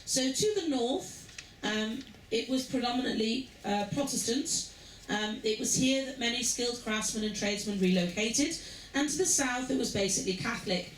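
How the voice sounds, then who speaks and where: A woman giving an informal history talk to cruise passengers, chatty and asking the audience questions. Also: on the high side. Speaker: cruise lecturer. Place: lounge aboard a river cruise ship. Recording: roomy, distant, faint background noise.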